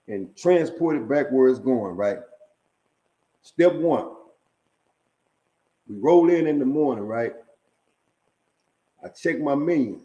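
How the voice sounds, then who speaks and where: Middle-aged storyteller, streetwise and profane, mellow dark voice, leans on "man" and "right?" between lines. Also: medium pitch, low-quality recording. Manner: chuckles at his own stories. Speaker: storyteller sharing prison stories. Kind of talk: casual storytelling monologue.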